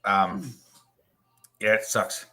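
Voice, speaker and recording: A man's voice: lowish voice, very slow, bright, forceful tone, faint music behind. A man co-hosting a podcast in casual chat, telling crude, joking stories. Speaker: podcast co-host.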